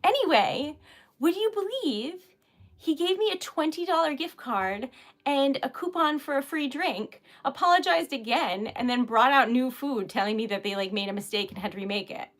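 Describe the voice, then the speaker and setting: A woman's voice: sits high, animated, normal speed, fairly bright tone. A woman hosting a livestream from her craft table, telling stories in a chatty, giggly way. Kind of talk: casual chat while crafting.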